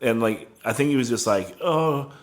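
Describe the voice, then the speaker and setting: A man's voice: medium pitch, fairly quick, a little mellow. A man in casual podcast chat, rambling through a tour story with constant "like" fillers.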